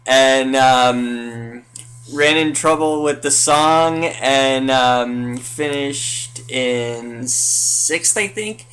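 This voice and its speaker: A man's voice: medium pitch, very slow, a bit bright, clean tone. A man co-hosting a casual recap podcast, giving brief, plain replies. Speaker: podcast co-host.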